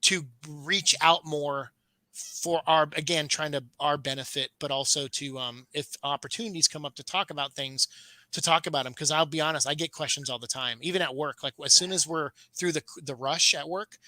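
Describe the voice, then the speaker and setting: A man hosting a casual panel stream, talking candidly with many halting restarts. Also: fairly high pitch, fairly even intonation, pushed and bright, no room sound, rough recording. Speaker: host.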